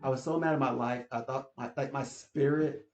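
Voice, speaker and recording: In an echoey room with somewhat dull audio, a man who hosts a channel rambles casually, repeating words and laughing frequently. He speaks briskly in a steady, mid-range voice.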